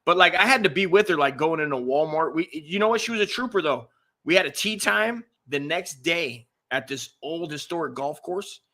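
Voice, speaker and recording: Podcast co-host, middle-aged male, animated and crude storyteller, bright forward tone. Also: on the high side, normal speed. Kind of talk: casual storytelling chat.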